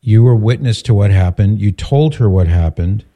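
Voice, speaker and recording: A man hosting a call-in radio show, calmly steering the caller with summarizing questions. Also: lowish voice, normal speed, dull audio. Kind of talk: advice call-in radio talk.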